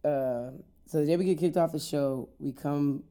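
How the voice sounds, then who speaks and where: A man's voice: fairly high pitch, normal speed, mellow. A man hosting a podcast, chatting casually and joking through laid-back stories. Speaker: podcast host. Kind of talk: casual interview chat.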